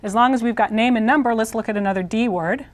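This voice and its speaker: A woman teaching a language lesson, patiently repeating words slowly and clearly, writing on a board as she goes. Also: on the high side, slight background noise. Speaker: Spanish teacher. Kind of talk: classroom pronunciation lesson.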